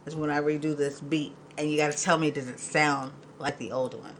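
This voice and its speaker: A woman hosting a live podcast in casual chat, emotional and quick to laugh, talking in a loose, rambling way. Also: deep voice, fairly even intonation, slight background noise, low-quality recording. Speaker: podcast host.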